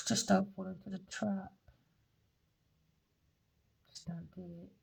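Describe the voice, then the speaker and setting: A woman's voice: mid-range voice, flat delivery, slow, vocal fry, long pauses, a bit bright, husky, rough recording. A British woman giving an unscripted tarot reading, talking in a blunt, raw, confessional way and swearing freely. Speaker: tarot reader.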